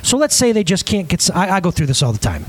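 High, lively preacher man acting out scenes. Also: fast talker. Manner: animated, acts out scenes in different voices; chatty, asks the crowd questions. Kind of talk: lively sermon to a live audience.

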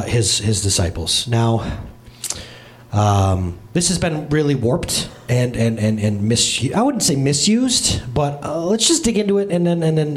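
A man preaching a casual, joking sermon as a pastor, chatting with his congregation by name and with viewers online. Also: on the high side. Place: church service with congregation and livestream.

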